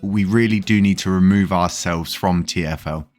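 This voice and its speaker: A man with a very deep, low voice speaks in an easygoing, unscripted way, full of ums and restarts. He sounds like a vlogger chatting straight to his audience, while soft music plays quietly behind him. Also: normal speed. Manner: chatty, many fillers and restarts, chuckles now and then. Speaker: crypto news vlogger. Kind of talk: casual commentary to camera.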